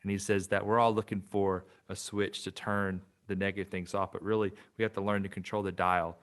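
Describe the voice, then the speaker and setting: Man, podcast host, deep voice, monotone, reflective, casual interview. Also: brisk. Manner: reflective, hesitant fillers.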